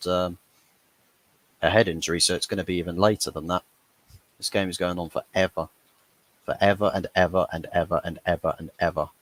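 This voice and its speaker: A young man with a low, slightly bright voice hosts a fan watchalong, offering live reactions to the match. He chats casually throughout and laughs at his own jokes.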